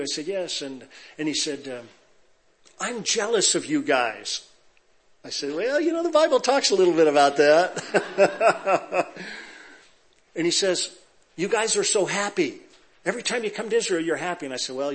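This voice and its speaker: Man, pastor, middle-aged, from Southern California, joking sermon, fairly high voice. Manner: lively storyteller, joking with the audience. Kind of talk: sermon with humorous anecdotes.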